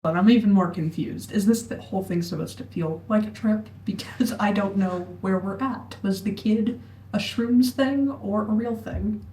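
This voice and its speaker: Woman reaction host, dark low-ish voice, rambling asides, distant mic in an echoey room with faint hum. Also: moderate pace. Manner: musing, rambling, trailing off with fillers. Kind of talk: casual reaction commentary.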